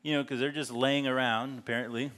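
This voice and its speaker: A man's voice: mid-range voice, little pitch movement, brisk, fairly bright tone. A man preaching a sermon as pastor, reading scripture aloud and breaking off into joking, laughing asides. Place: church sanctuary. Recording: long hall reverb.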